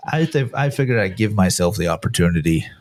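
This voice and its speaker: A man's voice: sits low, expressive, a little fast. A man from Kansas chatting casually and easily, swapping stories and laughing along. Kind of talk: casual chat.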